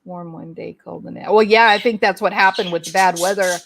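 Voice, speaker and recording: A woman's voice: medium pitch, fairly even intonation, a little fast, creaky, few pauses, fairly bright tone. A middle-aged woman hosting a casual livestream from home, chatting folksily and addressing viewers by name. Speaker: livestream host reading chat. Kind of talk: casual chat.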